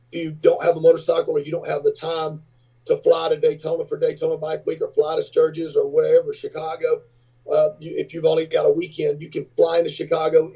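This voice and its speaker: Husky fifties rock-star guest, rambling storyteller, dull lo-fi audio. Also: male voice, fairly high pitch, far from the mic. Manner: rambling, filler-heavy anecdotes. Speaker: podcast guest, rock singer and entrepreneur. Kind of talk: casual storytelling.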